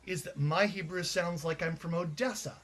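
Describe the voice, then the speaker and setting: A man's voice: on the high side, steady tone, normal speed, fairly bright tone. A man from Canada, a playwright being interviewed, telling anecdotes in a chatty way with frequent restarts. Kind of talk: casual interview chat.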